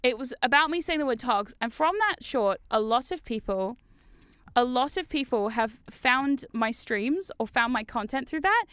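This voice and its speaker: Brief: playful New Zealand woman streamer, high, bright voice, giggles often. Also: animated, normal speed, smooth, no echo. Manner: playful, giggly, talks to chat. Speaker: VTuber streamer. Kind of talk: casual chat while gaming.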